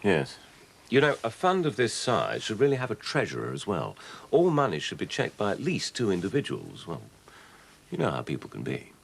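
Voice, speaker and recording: An actor playing a polite, measured businessman in a soap opera. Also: lowish voice, wildly swooping pitch, vocal fry, husky, heavily acted.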